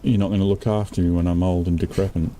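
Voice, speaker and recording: An older man with an Australian accent speaks in a low, relaxed voice as he plays a flight sim. He banters, teases and laughs easily. A faint hiss of background noise sits under the recording. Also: fast. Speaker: gaming channel host. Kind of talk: casual chat while playing a flight sim.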